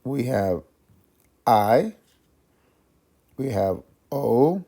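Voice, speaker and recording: A young man teaching a casual phonics lesson, sounding out letters slowly with many pauses and fillers. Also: medium pitch, big pitch swings, mellow. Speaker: reading teacher.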